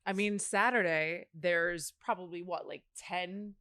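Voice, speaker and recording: A woman's voice: on the low side, steady tone, a little slow, pushed and bright, no room sound, clean studio sound. A woman co-hosting a podcast in a bar, teasing her co-host and chatting casually. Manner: teasing, laughs along. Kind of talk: casual chat.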